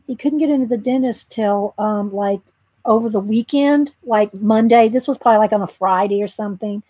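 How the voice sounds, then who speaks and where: A woman hosting an art tutorial chats casually while she draws, rambling through a story with lots of ums and restarts. Her mid-range voice is a little fast and dark with a breathy edge, and the recording is dry.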